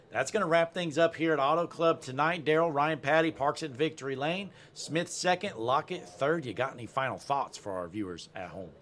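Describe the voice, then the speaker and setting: This is a male race host with an upbeat broadcaster's delivery and a folksy touch in his sign-off patter. His voice is pitched right in the middle for a man. A faint hiss of noise sits behind his voice. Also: a bit bright. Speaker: play-by-play host. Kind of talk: sim racing broadcast commentary.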